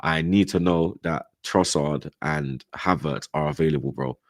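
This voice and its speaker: A young man with a London accent hosting a football chat show, ranting in heavy slang and swearing as he builds to loud outbursts. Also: rumbling low, moderate pace, no room sound. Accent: London, multicultural London English slang. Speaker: football podcast host. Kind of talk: heated casual football chat.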